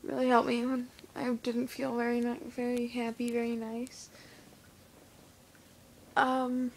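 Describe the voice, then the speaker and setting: A teenage girl with a lisp, talking to camera in a casual vlog, halting and full of fillers. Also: fairly high pitch, completely flat delivery, slight background noise. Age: teens. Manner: hesitant, halting with many fillers. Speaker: vlogger. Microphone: phone camera.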